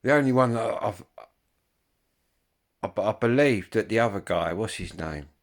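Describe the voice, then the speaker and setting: A man's voice: on the low side, lively intonation, moderate pace. A man, chatting casually to viewers in a rambling way, full of ums and swearing. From Kent, England. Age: 50s. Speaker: vlogger.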